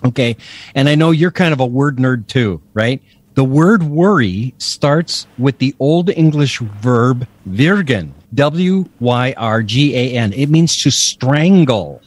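A man's voice: mid-range voice, animated, takes it slowly. A man co-hosting a faith podcast, teaching scripture with emphatic enthusiasm and frequent laughs. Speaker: podcast co-host, Bible teacher. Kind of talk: casual teaching chat.

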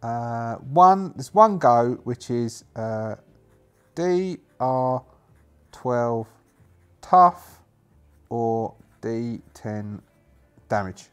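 Man, solo tabletop game narration, rambling, thinking aloud, medium pitch. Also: lively intonation, drawn-out words, pauses often, smooth, soft background music.

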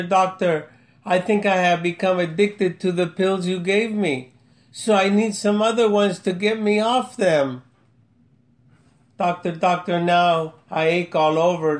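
High-voiced man reading a comic poem. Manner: chuckling, self-amused. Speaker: amateur poet. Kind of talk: humorous poetry reading. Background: faint music.

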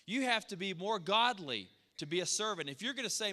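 Bright-voiced preacher in a reverberant hall. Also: male voice, high-pitched, brisk. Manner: animated, acts out quoted voices. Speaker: pastor. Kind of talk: sermon. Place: church sanctuary. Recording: long church hall reverb.

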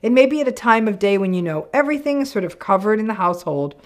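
A woman's voice: mid-range voice, lively intonation, fast. A middle-aged woman psychologist hosting her own channel, explaining relationship patterns in a frank, conversational way and acting out quoted lines. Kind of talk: direct-to-camera explainer talk.

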